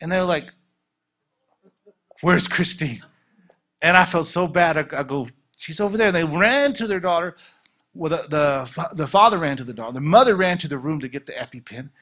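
A man preaching and telling a testimony story, acting out the dialogue with lively energy. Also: fairly high pitch, normal speed. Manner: animated, acts out dialogue.

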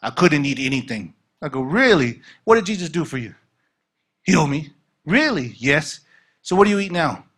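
A man preaching and telling a testimony story, acting out the dialogue with lively energy. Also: fairly high pitch, normal speed, husky. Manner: animated, acts out dialogue.

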